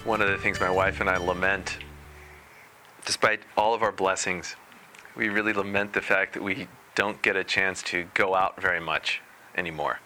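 A man giving a spiritual talk as a meditation teacher, unhurried and deliberate with a gently playful touch. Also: deep voice, steady tone, soft background music.

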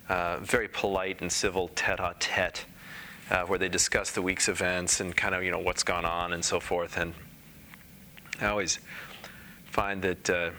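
Low, bright-toned man giving a talk. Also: a little hiss or hum. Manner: halting and conversational, with frequent pauses and restarts. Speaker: Dharma teacher. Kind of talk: Dharma talk with personal anecdote.

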